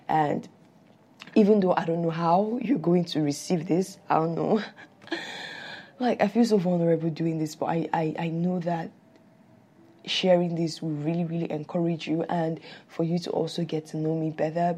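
A woman with a low, husky voice hosts a heartfelt faith-based podcast episode. Her tone is mellow as she speaks earnestly and encouragingly, a little nervous. She rushes her words now and then and stammers. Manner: talks fast and stammers at times. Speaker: podcast host.

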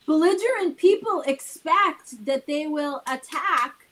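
A woman's voice: high voice, animated, slow pace, a bit bright, rough recording. A woman hosting a casual talk show, explaining her points earnestly and checking in with "right?". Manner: earnest, talks things through with repeated "right?". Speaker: host.

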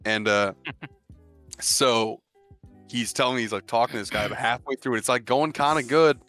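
A man's voice: medium pitch, moderate pace, bright, forceful tone, soft background music. A man in crude casual podcast chat, telling a story with lots of swearing and laughs, acting out the people he quotes. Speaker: podcast co-host.

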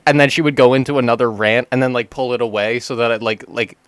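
A young man telling a work story in casual chat, rambling and animated, with lots of fillers. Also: mid-range voice, quick pace, smooth, dry recording. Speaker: store manager.

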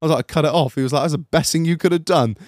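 A man's voice: fairly high pitch, very fast, darkish tone, no echo, clean studio sound. A young man telling a story in a casual podcast chat, swearing freely as he goes. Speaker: podcast co-host. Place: studio.

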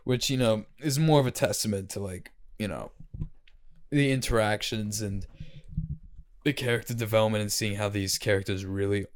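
A man's voice: lowish voice, normal speed, smooth. Rambling man in casual chat. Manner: rambling, animated, breaks into loud impressions and laughs. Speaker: podcast co-host discussing a film.

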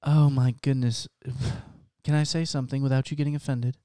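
A comedian steps out of an improvised scene to tease a scene partner, apologizing with amusement between the jokes. The voice is middle-pitched and sounds dry, with no room echo. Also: level tone, moderate pace, mellow.

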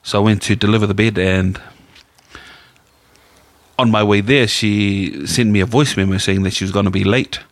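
A man's voice: lowish voice, steady tone, normal speed, pauses often, no echo. A man, co-hosting a casual chat podcast and telling rambling stories in laid-back slang. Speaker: podcast co-host.

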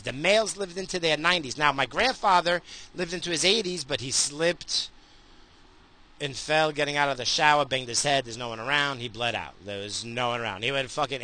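Middle-aged guy cussing up a storm in his car, kinda high sharp voice, dry sound. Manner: crude, heated and sweary, with frequent restarts. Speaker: solo podcaster. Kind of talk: profane ranting monologue. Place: in a car while driving.

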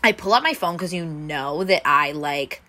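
A young woman with a deep, animated, sharp-toned voice tells a story at a moderate pace during a casual chat. She's chatty, peppers her speech with "like," and acts out the lines people said.

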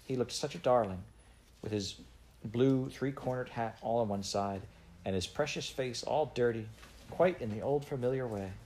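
A man reading a children's novel aloud in an unhurried, gently expressive way. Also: medium pitch, slight background noise. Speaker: audiobook reader.

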